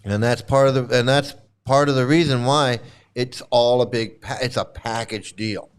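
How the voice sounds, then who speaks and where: A man in his sixties speaks in a smooth, resonant voice at a middle pitch. He talks bluntly and profanely in a candid monologue, circling back to repeat his phrases for emphasis. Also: steady tone, normal speed. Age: 60s. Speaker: vlogger, former cult member.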